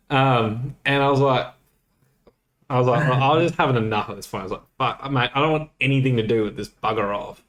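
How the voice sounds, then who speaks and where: A male podcast co-host retells a night out in a loose, animated, swearing style, acting out quoted dialogue in a casual storytelling chat. His voice sits at an ordinary middle pitch and moves fairly quickly, and the room carries a noticeable echo.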